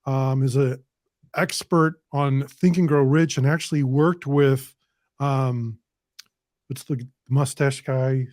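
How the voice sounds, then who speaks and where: A man's voice: mid-range voice, steady tone, takes it slowly, darkish tone, dry recording. Casual male podcast host, dry sound. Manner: casual, hesitant with fillers. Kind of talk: podcast interview.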